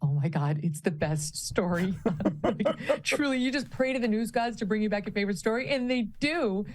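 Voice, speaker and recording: A young woman co-hosting a casual gossip chat, sarcastic and animated, laughing often. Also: mid-range voice, normal speed. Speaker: co-host.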